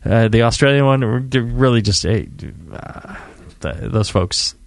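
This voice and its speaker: Man, podcast co-host, rambling casual chat, gravelly, dry close sound. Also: medium pitch, dry recording. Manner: rambling, halting, many fillers and restarts.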